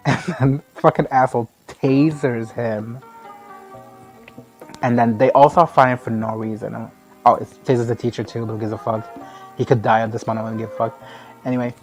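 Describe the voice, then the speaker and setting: A man's voice: medium pitch, fairly even intonation, moderate pace, long pauses, a little mellow, soft background music. A man giving a casual, foul-mouthed movie recap, sarcastic and often laughing. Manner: crude, sarcastic, laughs often, mimics characters.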